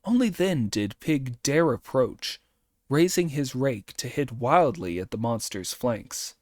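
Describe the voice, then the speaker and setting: Male audiobook narrator, slow and expressive, dry close mic. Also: medium pitch, no room sound. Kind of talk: audiobook reading.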